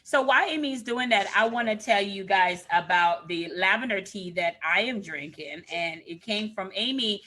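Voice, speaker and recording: A woman's voice: medium pitch, lively intonation, moderate pace, few pauses, sharp tone. Encouraging woman coach on video call. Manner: encouraging, run-on sentences. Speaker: business coach. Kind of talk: casual video-call chat.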